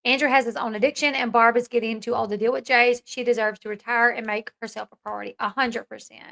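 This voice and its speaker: A woman's voice: a little high, fairly even intonation, quick pace, vocal fry, pushed and bright. A woman hosting a casual commentary talk, chatty and opinionated, reading out viewer comments as she goes. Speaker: host.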